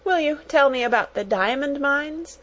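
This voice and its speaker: A small spoiled girl wails and whimpers in a high, childish voice, put on by a woman reading a storybook aloud. She sounds forever on the edge of tears. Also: expressive, normal speed, fairly bright tone, lo-fi sound. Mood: whimpering.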